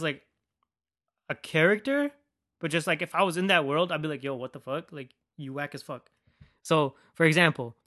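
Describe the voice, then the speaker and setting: A man with a fairly high voice rants casually as a podcast host. He rambles and swears freely, leaning on "like" between thoughts. The recording is dry and close, with no room sound. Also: pushed and bright, dry recording. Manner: rambling, profane, heavy use of "like".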